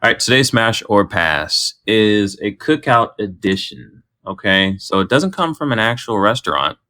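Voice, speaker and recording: Low, lively man hosting a podcast. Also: moderate pace, no echo, clean studio sound. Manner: lively, playful segment host. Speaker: podcast co-host. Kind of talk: casual chat.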